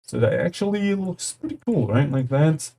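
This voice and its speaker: A man's voice: on the high side, big pitch swings, moderate pace, mellow, a little hiss or hum. A man casually talking through a game editor tutorial in a chatty, upbeat way, with lots of fillers and sound effects said aloud. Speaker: tutorial host.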